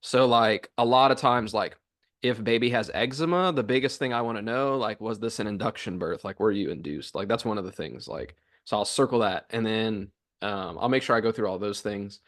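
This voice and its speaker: A man's voice: fairly low pitch, normal speed, fairly bright tone. A young man co-hosting a podcast, talking casually about his chiropractic office routine, full of "um" and "like" and acting out office dialogue. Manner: rambling, filler-heavy, acts out office dialogue.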